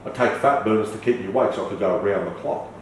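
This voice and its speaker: A man's voice: lowish voice, fast. A middle-aged man, a podcast guest, telling stories animatedly, swearing and acting out dialogue. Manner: animated storyteller who swears and acts out dialogue. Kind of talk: casual storytelling interview. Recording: echoey room, from far off, faint noise.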